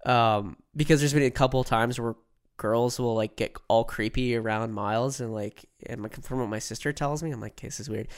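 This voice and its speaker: A young man with a smooth, clear voice at an ordinary middle pitch, co-hosting a casual podcast. He rambles through a long personal story, leaning on "like" and "right?" and slipping into other people's voices when he quotes them. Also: a little fast. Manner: rambling, peppers sentences with "like" and "right?"; acts out quoted voices while telling stories. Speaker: podcast co-host.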